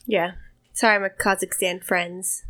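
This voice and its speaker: A woman's voice: mid-range voice, level tone, a little slow, bright, forceful tone. A woman co-hosts a casual podcast chat. She talks in an offhand, rambling way, packing her sentences with "like.". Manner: chatty, offhand, with many filler "like"s. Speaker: podcast co-host.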